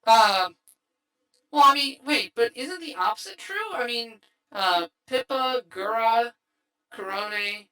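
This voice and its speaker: A man's voice: very high-pitched, lively intonation, slow, pushed and bright, low-quality recording. A man hosting a livestream through a voice changer, rambling casually with lots of fillers and restarts. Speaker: streamer host. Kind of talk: casual stream wrap-up chat.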